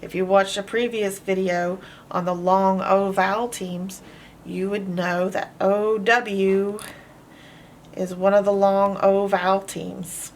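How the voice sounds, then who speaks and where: A woman teaching a phonics lesson, slowly sounding out words and letters, with patient praise. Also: medium pitch, flat delivery, slight background noise.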